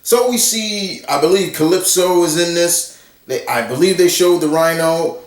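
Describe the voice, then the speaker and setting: Speaking at a moderate pace in a fairly high voice, this commentary vlogger vents bluntly and profanely about a film, plainly fed up. His distance from the mic leaves a roomy echo.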